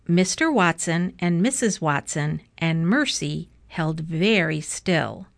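Slow, gentle woman reading a storybook. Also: deep voice, expressive, vocal fry, no room sound. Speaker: storybook reader. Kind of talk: reading a children's book aloud.

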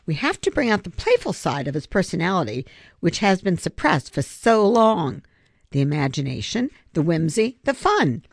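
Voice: mid-range voice, big pitch swings, normal speed, gravelly, no room sound. A reader voicing a passionate, earnest schoolgirl who loves animals, insistent in tone. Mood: coaxing. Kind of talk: audiobook character reading.

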